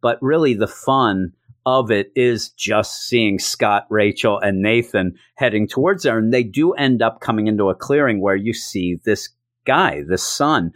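A man casually recapping a comic book issue, chatting loosely and acting out the characters in quick put-on voices. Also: on the low side, no room sound, studio quality.

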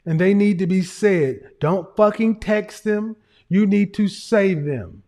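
A man with a high-pitched voice hosts a livestream and hands out relationship advice. He lectures with emphasis, hammers the same points again and again and drops in the odd curse word. Faint music plays underneath. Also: takes it slowly, darkish tone. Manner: emphatic, repetitive lecturing with profanity. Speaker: livestream host.

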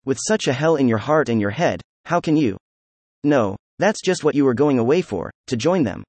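A man voicing a gentle, earnest young man, in a plain, even reading. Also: mid-range voice, normal speed, dry recording. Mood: sorrowful.

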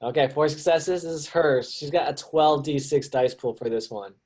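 A man's voice: fairly high pitch, moderate pace, a little mellow, breathy edge. A man running a tabletop game as game master, narrating in a laid-back way.

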